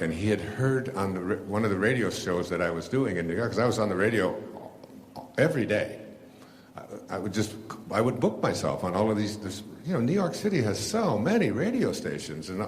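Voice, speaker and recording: Low-voiced older man telling a rambling story. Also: a little hiss or hum. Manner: rambling with many fillers and restarts, laughs at himself. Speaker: speaker telling his story to an audience. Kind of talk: casual storytelling talk. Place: before a live audience.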